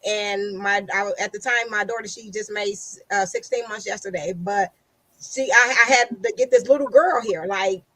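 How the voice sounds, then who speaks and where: A woman's voice: medium pitch, moderate pace, pushed and bright, no room sound, rough recording. Emphatic woman sharing her story. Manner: emphatic, repeats herself. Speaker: guest. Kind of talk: casual chat.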